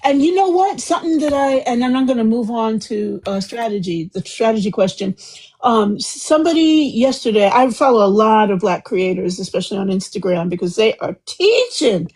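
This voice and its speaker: A woman's voice: fairly high pitch, lively intonation, normal speed, darkish tone, rough recording. A woman hosting a live group discussion, talking casually and at length in a chatty, effusive, rambling way over a home computer mic. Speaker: host of a live book club discussion.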